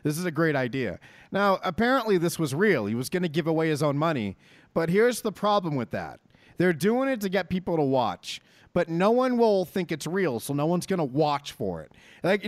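Lively, foul-mouthed podcast host guy. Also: a little high, no room sound. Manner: profane, riffing, mock-hyped. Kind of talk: casual chat.

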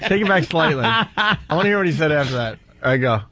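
A man's voice: a little high, lively intonation, fast talker, pushed and bright. Laid-back podcast host man. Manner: laid-back, directing the clip playback. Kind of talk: casual chat.

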